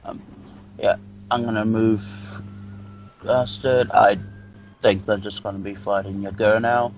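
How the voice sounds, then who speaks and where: A man playing in a tabletop role-playing game, talking slowly and hesitantly about his character's actions. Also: lowish voice, flat delivery, dull audio, faint music behind. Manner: hesitant, slow. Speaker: player.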